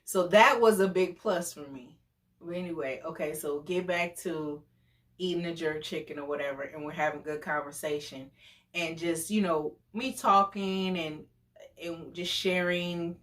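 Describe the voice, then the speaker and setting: A woman's voice: fairly low pitch, unhurried, fairly bright tone. A woman in her forties telling a personal story in a chatty, conversational vlog. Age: 40s. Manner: chatty, conversational, full of fillers. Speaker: vlogger.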